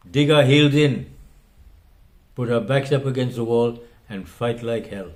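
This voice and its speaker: An older man who hosts a talk show and delivers an impassioned commentary monologue. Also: medium pitch. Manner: impassioned, emphatic. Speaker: host.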